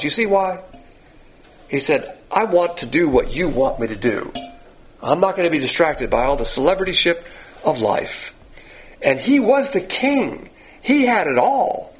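Blunt, animated older male preacher. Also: mid-range voice, poor audio. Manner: blunt, animated, coarse-spoken. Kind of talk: sermon. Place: church in Texas.

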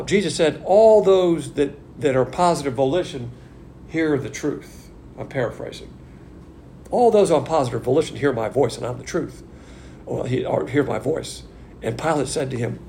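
A man's voice: fairly high pitch, vocal fry, darkish tone, slight background noise. A man teaching a Bible class in an informal sermon style, folksy and blunt, firing off rhetorical questions. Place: church class streamed on video call.

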